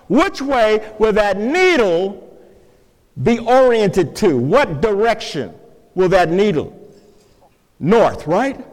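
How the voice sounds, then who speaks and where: Man, preacher, measured pace, playful questions to congregation, church sanctuary, reverberant hall. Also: very high-pitched. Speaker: pastor. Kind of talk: interactive sermon with object lessons.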